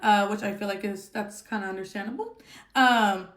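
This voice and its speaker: A woman's voice: medium pitch, normal speed, fairly bright tone, echoey room. A woman giving a casual tarot reading, talking bluntly and swearing freely, with lots of fillers and tag questions. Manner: chatty and blunt, swears freely, frequent "okay?" and "um". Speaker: tarot reader.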